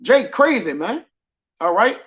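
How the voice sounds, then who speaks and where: A man's voice: high voice, very animated, unhurried, fairly bright tone. A man teaching scripture in a loose, conversational way, often tagging his lines with "man" and "all right". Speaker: preacher. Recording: dull lo-fi audio.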